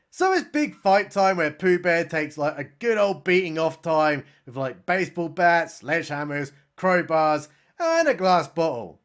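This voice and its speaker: A man's voice: high voice, big pitch swings, fairly bright tone. A man giving a sarcastic, mocking comedic recap of a film. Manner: sarcastic, mocking, does quick voices for characters. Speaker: film reviewer.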